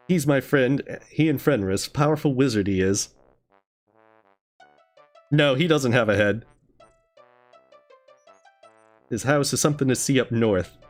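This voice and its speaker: A man's voice: medium pitch, close to an everyday voice. A man reading the lines of a friendly, rambling old male hermit in his own plain voice, with no accent put on.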